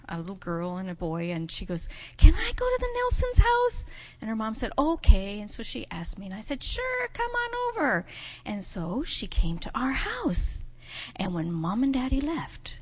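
A woman telling a children's story in church, animated and expressive, putting on voices for the people in her tale. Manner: expressive, acts out voices with big pitch jumps. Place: church sanctuary. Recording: dull sound in a reverberant church hall.

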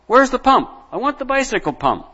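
A man doing a shrill whiny impatient boy. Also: expressive, moderate pace. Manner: whiny, insistent, loud. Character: impatient demanding young boy. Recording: dull lo-fi with long reverb.

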